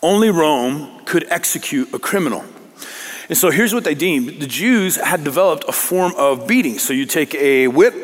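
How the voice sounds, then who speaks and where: A man's voice: a little high, in a large hall. A man preaching a sermon, conversational and self-deprecating, reading scripture dramatically. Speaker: pastor.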